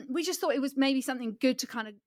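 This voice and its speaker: A woman's voice: sits high, fast talker, dry recording, clean studio sound. A woman co-hosting a podcast in casual chat, reflective and hedging with many fillers. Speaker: podcast co-host.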